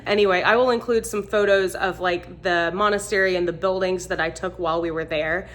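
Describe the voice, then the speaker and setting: A woman casually telling a funny travel story, animated and laughing as she acts out what people said. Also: lowish voice, a little fast. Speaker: vlogger.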